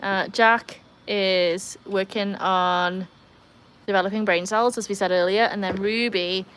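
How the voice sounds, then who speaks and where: A chatty British woman hosts a casual livestream from home. Her voice sits at an ordinary middle pitch. She rambles cheerfully through viewer comments and tosses quick asides to her dogs. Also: fairly even intonation, fairly bright tone, a little hiss or hum. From United Kingdom. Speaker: livestream host.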